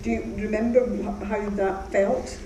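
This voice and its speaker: A woman's voice: mid-range voice, fairly even intonation, a little slow, a loud crowd. A woman hosting an on-stage interview, chatty and prompting with questions. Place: theatre stage before an audience. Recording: roomy, distant live theatre recording.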